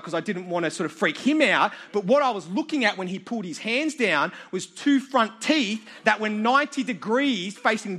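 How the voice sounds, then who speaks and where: Bright, high-voiced Australian man telling stories. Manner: humorous, self-mocking storyteller. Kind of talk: storytelling sermon to a live audience.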